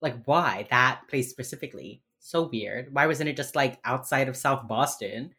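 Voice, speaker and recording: A woman's voice: very deep voice, normal speed, a bit bright. A woman co-hosting a casual podcast chat, rambling with many fillers and swearing as she acts out quotes from a show. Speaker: podcast co-host recapping a TV episode.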